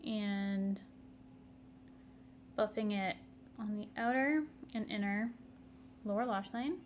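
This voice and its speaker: A woman's voice: medium pitch, slow pace, lo-fi sound, slight background noise. A young woman, chatting to viewers through a makeup tutorial, laughing often and making asides. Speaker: beauty vlogger.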